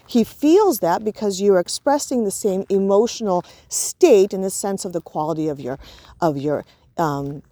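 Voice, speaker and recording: A woman teaching in a relaxed, conversational way, her voice mellow and warm. She leans on fillers like "you know" and "right" and acts out gentle talk to a child as she explains. The sound is dry and close, with no room around it. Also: mid-range voice, no room sound. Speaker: parenting and emotions teacher. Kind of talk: informal spoken lesson.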